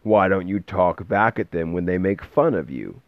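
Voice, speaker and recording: A man voicing a gruff, grumbling old male bookseller who speaks slowly and with disapproval, recorded with a dull, dry sound. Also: deep voice, lively intonation, no echo.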